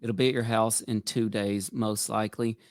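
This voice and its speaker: A man's voice: lowish voice, steady tone, normal speed, no echo, clean studio sound. A man hosting a podcast, chatting casually and promoting a book. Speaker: podcast host.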